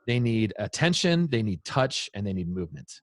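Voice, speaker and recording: A man in his thirties or forties, an interview guest giving parenting advice in an earnest, animated way. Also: fairly low pitch, moderate pace, no echo, clean studio sound. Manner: earnest, animated, acts out quoted voices. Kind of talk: interview storytelling.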